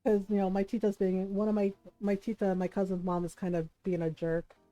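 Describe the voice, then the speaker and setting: A woman streamer chatting casually, telling a family story in an animated way and giggling often. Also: mid-range voice, fairly quick, no room sound, soft background music, low-quality recording. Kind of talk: casual chat while gaming.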